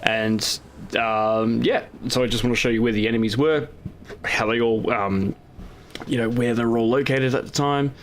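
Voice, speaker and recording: A man's voice: medium pitch, steady tone, moderate pace, a little hiss or hum. A man hosting his own gaming channel, casually talking over recorded gameplay in a rambling way with lots of fillers and restarts.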